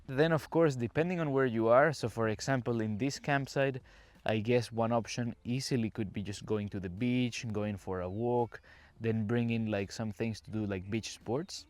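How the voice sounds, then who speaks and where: A Caribbean-born English teacher, medium-pitched and slightly mellow, hosts an informal podcast on his phone. He roams a campsite outdoors, explaining things and talking chattily right to the listener.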